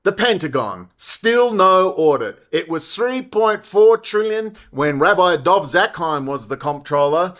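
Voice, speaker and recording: A man's voice: sits high, very animated, measured pace, hardly any pauses, a bit bright. Angry, profane man ranting. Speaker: political commentator. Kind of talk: ranting commentary monologue.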